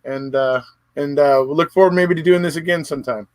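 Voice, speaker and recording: A man hosts a live online conversation, his voice sitting a little high for a man. He keeps agreeing with his guests through short affirmations. The sound is dry and close, with no room around it. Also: a little fast, a little mellow, dry recording. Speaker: host.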